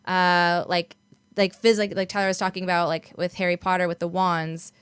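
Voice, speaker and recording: Smooth-voiced chatty woman, dry sound. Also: lowish voice, little pitch movement, normal speed, no echo. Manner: chatty, lots of "like" fillers. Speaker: podcast co-host. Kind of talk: casual chat.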